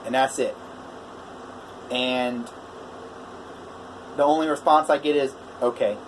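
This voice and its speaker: A man's voice: medium pitch, slow, noisy background. Welder man retelling a customer quarrel. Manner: animated retelling, quoting both sides of a phone argument. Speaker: welder telling a customer story. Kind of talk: casual vlog storytelling.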